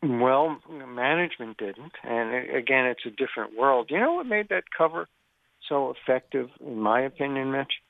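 A man's voice: medium pitch, normal speed, creaky, no room sound. An older man, a sports journalist calling into a radio show, telling a long story and acting out the people he quotes. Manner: animated anecdotal storyteller, acts out quoted dialogue. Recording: phone line.

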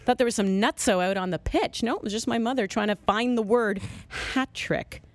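A woman hosting a sports radio talk show, telling stories in a chatty, animated way. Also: fairly high pitch, fairly quick, dry recording.

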